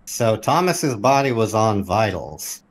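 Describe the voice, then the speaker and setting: A man's voice: on the low side, big pitch swings, slow. A man talking through who the culprit is with friends during an online game. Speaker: game player. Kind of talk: casual group chat during a game.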